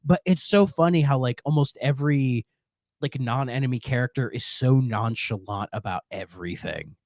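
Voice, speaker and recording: A man's voice: mid-range voice, normal speed, dry recording. A man co-hosting a podcast in a casual chat, telling stories with lots of laughter. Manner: laughs often, animated storytelling. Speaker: podcast co-host.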